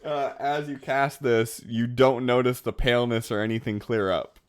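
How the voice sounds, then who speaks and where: A man in a mid-range voice running a tabletop game as dungeon master. He narrates in a relaxed, wry way. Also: medium pitch, normal speed, clean tone.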